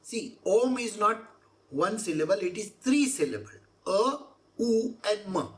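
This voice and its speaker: A woman's voice: medium pitch, animated, a little slow. Lady explaining a holy text, very up and down voice, keeps going "no?". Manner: explanatory, repeats points with rhetorical questions. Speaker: spiritual teacher. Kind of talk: scripture exposition talk.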